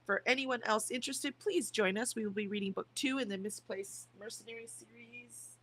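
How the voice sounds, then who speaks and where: A woman hosting a morning writing livestream, chatting casually and reading viewer comments aloud, her voice rough from the early hour. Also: on the high side, moderate pace, fairly bright tone, a little hiss or hum. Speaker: streamer hosting writing sprints.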